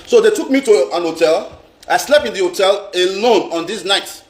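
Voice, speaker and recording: A man's voice: high voice, lively intonation, moderate pace. A Nigerian man ranting on a live stream in a casual way, repeating himself and mixing in pidgin. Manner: emphatic, repeats phrases, mixes in pidgin. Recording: roomy echo.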